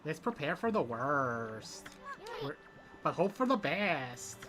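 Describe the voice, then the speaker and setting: A woman voicing a tiny cheeky male sidekick in a slow, cheerful Minnesota accent. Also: low-pitched, sing-song, music in the background, exaggerated voice. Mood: upbeat. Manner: cheerful, drawn-out delivery. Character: tiny cheeky male wandering bug-sized artist sidekick.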